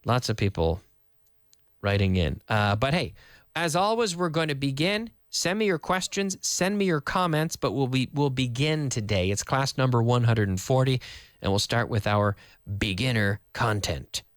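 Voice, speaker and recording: A man teaches a live English lesson, firing off questions and answering them himself. His pitch swings widely from high questions to low answers. The studio sound is close and dry. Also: normal speed, no echo. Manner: lively, quizzing with questions and answers. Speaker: English teacher, radio host. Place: radio studio.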